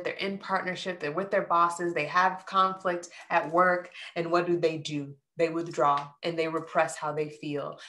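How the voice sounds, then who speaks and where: Woman w a low voice doing a tarot reading, earnest, lots of "right?" and little hums. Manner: earnest, heartfelt, talks straight to viewers with frequent "right?"; soft hums and pauses between thoughts. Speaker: tarot reader. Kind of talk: intuitive tarot reading to viewers.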